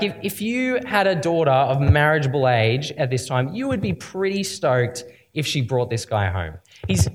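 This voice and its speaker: A man preaching a conversational sermon, often asking rhetorical questions. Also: fairly high pitch. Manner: lively, questioning, frequent rhetorical "right?".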